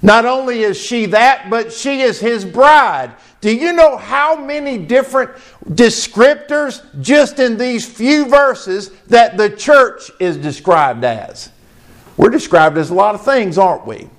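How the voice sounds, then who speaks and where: A man preaching a sermon as pastor, slow and emphatic, asking the congregation questions. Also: very high-pitched, animated.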